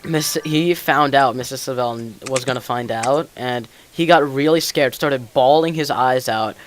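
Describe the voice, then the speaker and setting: A teenage guy chats loosely on a gaming podcast, rambling with plenty of ums and likes. His pitch sits right in the middle of the range for a man. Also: unhurried, slight background noise. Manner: rambling storyteller, many fillers. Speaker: podcast host. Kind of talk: casual chat while gaming.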